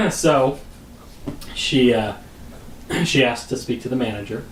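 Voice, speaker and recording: A man's voice: mid-range voice, very animated, takes it slowly, fairly bright tone, roomy sound, far from the mic, a little hiss or hum, rough recording. Rambling man telling a story. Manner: rambling, clears throat often, laughs at own story. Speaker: podcast co-host. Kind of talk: casual storytelling.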